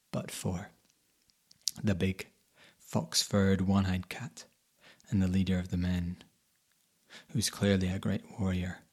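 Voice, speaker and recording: Gravelly male storyteller. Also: on the low side. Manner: dramatic, with hushed whispers and sudden loud bursts. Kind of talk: first-person folk tale telling.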